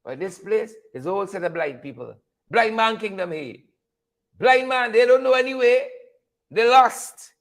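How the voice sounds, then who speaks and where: A man's voice: high voice, animated, a little slow. A Guyanese man hosting a live stream, ranting with sarcastic, preachy fire while greeting viewers. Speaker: livestream host. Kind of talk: live-stream commentary and rant.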